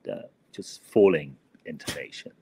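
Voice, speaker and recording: A man's voice: a bass voice, normal speed, mellow, slightly rough. A man teaching English grammar in a casual podcast chat, hesitant, full of fillers and "no?" tags. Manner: hesitant, many fillers, ends with "no?".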